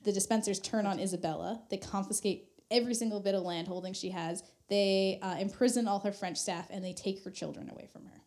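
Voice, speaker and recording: A woman's voice: mid-range voice, steady tone, brisk, few pauses, a little mellow. A woman hosting a podcast, telling a history story in a casual, chatty way with frequent "like"s, laughs and swearing. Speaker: podcast host.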